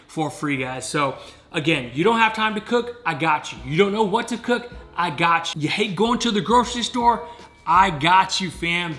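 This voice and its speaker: A man's voice: a little high, fairly bright tone. A man coaching fitness in a casual home vlog, upbeat and talking straight to the viewers. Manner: upbeat, coaching, keeps calling viewers guys. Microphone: camera set up nearby.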